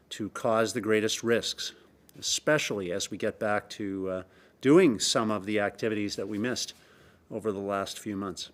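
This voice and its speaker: A middle-aged man with a Canadian accent, giving a measured, emphatic government press briefing statement with frequent pauses. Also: fairly low pitch. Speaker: provincial premier.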